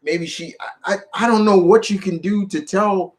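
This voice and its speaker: Guy hosting a live chat, rambles and restarts a lot, kinda higher voice. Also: normal speed. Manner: rambling, animated, lots of restarts. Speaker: show host. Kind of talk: casual live chat about movies.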